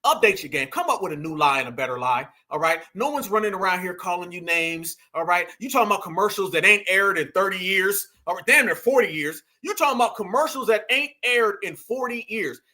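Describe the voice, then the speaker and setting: A man's voice: high voice, expressive, fairly quick, hardly any pauses, sharp tone. A middle-aged man, delivering a heated, preachy commentary rant and calling his listeners "fam". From United States. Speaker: online commentator.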